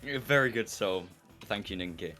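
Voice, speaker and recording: Male esports caster, bright tone, hesitant and giggly, faint music under. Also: fairly low pitch, animated, moderate pace. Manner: hesitant, many fillers, laughs a lot. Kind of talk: casual esports commentary.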